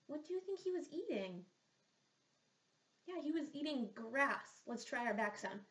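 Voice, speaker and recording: A woman's voice: sits high, big pitch swings, moderate pace, fairly bright tone. A woman speech therapist reading a picture book aloud to young children, asking them patient, sing-song questions as she goes. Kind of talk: slow read-aloud lesson with questions. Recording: echoey room.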